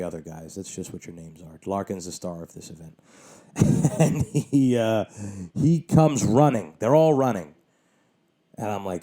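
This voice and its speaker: A man hosting his own podcast, telling a long story in a casual, animated way with lots of swearing and exasperation. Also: on the low side. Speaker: podcast host.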